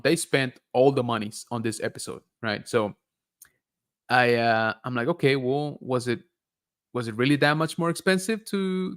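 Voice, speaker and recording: A man's voice: medium pitch, a bit bright. A young man hosting a casual live-stream show breakdown, talking in a rambling, enthusiastic way with many fillers. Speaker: host.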